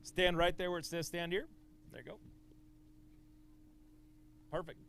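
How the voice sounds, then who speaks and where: A man emceeing a fishing tournament weigh-in outdoors, booming out weights and angler names in an upbeat, lively way over a handheld microphone. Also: unhurried, creaky, a little hiss or hum. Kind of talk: live weigh-in announcing.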